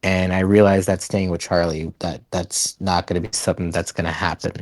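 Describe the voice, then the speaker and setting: A man's voice: sits low, flat delivery, fairly quick, darkish tone, no room sound. A man being interviewed on a podcast, telling loose rambling stories and laughing as he goes. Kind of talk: casual storytelling interview.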